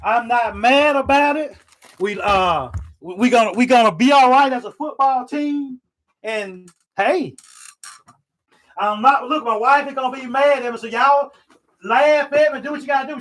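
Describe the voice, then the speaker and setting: A man's voice: very high voice, normal speed, fairly bright tone, low-quality recording. A man ranting live on stream, rambling and repeating himself, swearing often, frustrated but accepting. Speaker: sports fan vlogger. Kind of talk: live stream reaction rant.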